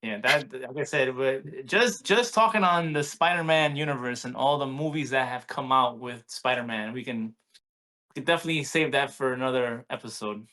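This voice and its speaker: A man in his forties, co-hosting a podcast, telling a story in a casual, animated way with many restarts. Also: mid-range voice, normal speed. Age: 40s. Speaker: podcast co-host. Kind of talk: casual chat.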